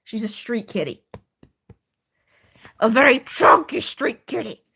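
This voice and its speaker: High, lively excitable woman streamer. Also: slow pace, gravelly, husky. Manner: excitable, swearing, shrieks when worked up. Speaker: livestreamer. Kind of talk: casual livestream chat with viewers.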